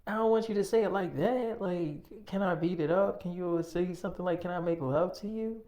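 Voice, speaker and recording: A man's voice: high-pitched, moderate pace, dark tone, voice pushed up, lightly acted. A man voicing a shy, cautious young woman who teases and asks questions. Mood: coy.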